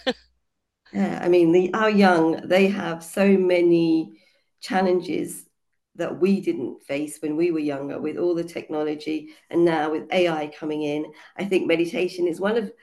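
A woman with a cold and a hoarse voice, a children's yoga teacher explaining her book chapter in an earnest way, with many fillers. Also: on the low side, fairly even intonation, unhurried, a little mellow. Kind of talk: casual online panel talk.

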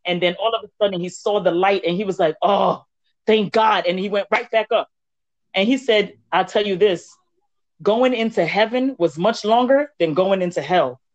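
A woman chats on a faith podcast and tells a story, lively and acting out the quoted lines. The sound is muffled and lo-fi. The room is dry and close. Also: mid-range voice, moderate pace, no echo. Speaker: podcast co-host. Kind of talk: casual faith chat. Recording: dull lo-fi dry recording.

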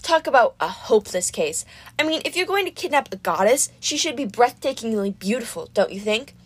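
A woman's voice: fairly high pitch, animated, fairly quick. A woman voicing a vain, gushing goddess of love in an audiobook reading, in a dramatic, doting manner. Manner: breathy, swooning, dramatic and doting.

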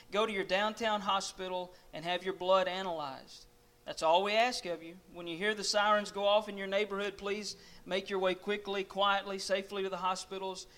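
A man's voice: sits high, a bit bright. A man preaching, telling a dramatic story in the second person to his listeners. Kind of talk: sermon storytelling.

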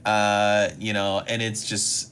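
A man's voice: fairly low pitch, completely flat delivery, takes it slowly, fairly bright tone, clean tone. A man co-hosting a podcast, giving blunt, opinionated takes on a movie and swearing casually. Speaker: podcast co-host.

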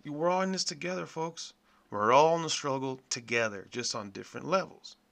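A man hosting a podcast, delivering a profane, blunt, animated rant in a casual monologue. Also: fairly high pitch, fairly quick, gravelly. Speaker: podcast host.

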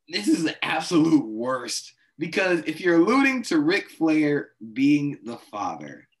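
Exasperated man ranting about wrestling. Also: fairly high pitch. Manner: exasperated, acts out his reactions. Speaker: podcast co-host. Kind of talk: casual wrestling chat.

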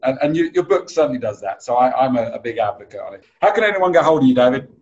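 A man's voice: mid-range voice, lively intonation, quick pace, a little mellow, lo-fi sound. A man hosting a podcast interview, chatty and anecdotal, who laughs easily. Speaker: podcast host.

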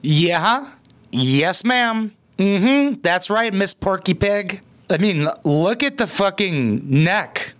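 A man's voice: high voice, animated, slow, fairly bright tone. A man hosting a reaction video, mocking and sarcastic, with crude comedic commentary.

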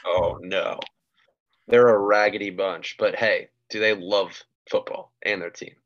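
A man's voice: low voice, steady tone, measured pace, fairly bright tone. A laid-back man chatting casually as a podcast co-host, laughing along and often trailing off. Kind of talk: casual chat. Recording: dull, muffled mic.

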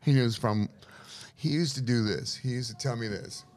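A middle-aged man from Los Angeles, a guest telling lively, profane stories about his father in casual chat. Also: mid-range voice, moderate pace. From Los Angeles, USA. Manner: profane, lively anecdotal storyteller. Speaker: interview guest. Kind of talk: casual storytelling.

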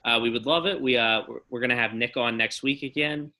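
A young man hosting a casual podcast, his voice bright and forceful. He rants openly and swears freely, stumbling and restarting as he fires off his opinions. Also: mid-range voice, a little fast. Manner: ranting, profane, animated. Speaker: podcast host.

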